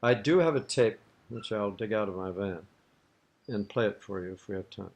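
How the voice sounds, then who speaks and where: A man's voice: on the low side, moderate pace, vocal fry. An older man being interviewed, telling a long, rambling anecdote in an amused tone, on an archival tape recording. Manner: rambling, amused, breaks into laughter. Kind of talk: anecdotal storytelling.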